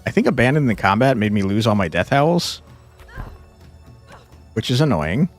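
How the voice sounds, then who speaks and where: Male streamer, lively swooping voice, frustrated and profane, faint game music behind. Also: mid-range voice, normal speed. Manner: exasperated, swearing, laughing often. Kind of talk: casual gameplay commentary.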